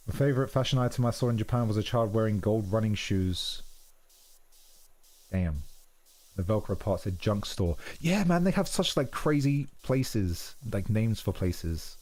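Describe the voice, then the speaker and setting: A man's voice: on the low side, measured pace, long pauses, a little mellow. A young man from England with an English accent, chatting casually on a stream in a rambling, self-deprecating way, full of "like" and "dude". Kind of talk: casual chat.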